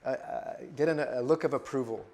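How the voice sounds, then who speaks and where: A man's voice: medium pitch, brisk, vocal fry, a little mellow. Middle-aged man telling a life story. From West Texas. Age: 50s. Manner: storytelling, many restarts and fillers. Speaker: missionary speaker. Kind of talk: personal testimony in a sermon.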